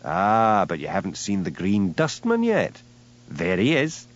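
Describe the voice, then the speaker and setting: A man playing a lazy, easygoing village policeman with a Scottish Highland accent, mild and unhurried. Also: wildly swooping pitch, highs cut off, exaggerated voice. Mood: dry.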